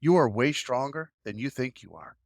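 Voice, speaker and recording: A man's voice: medium pitch, normal speed, dry recording, clean studio sound. A man hosting a podcast, talking in an encouraging, emphatic way to his guest. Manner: warm encouraging, emphatic praise. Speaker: podcast host. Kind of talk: casual podcast talk.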